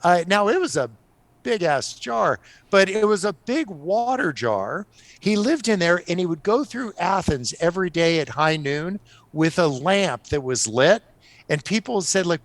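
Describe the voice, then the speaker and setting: A middle-aged man telling stories on a podcast as a guest, animated and often laughing. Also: high-pitched, a little slow, no echo. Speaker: guest author. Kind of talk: casual storytelling on a podcast.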